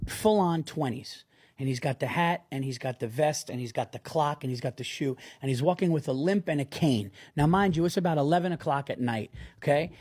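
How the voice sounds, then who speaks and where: A man's voice: on the high side, brisk. A man who works as a stand-up comedian, telling a story in a loose, profane way with lots of restarts. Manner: animated, profane, frequent restarts. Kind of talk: casual storytelling.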